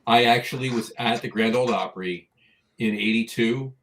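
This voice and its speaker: A man co-hosting a podcast in casual chat, talking in a halting way with many fillers as he searches for words. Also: medium pitch, a bit bright, slight background noise. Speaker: podcast co-host.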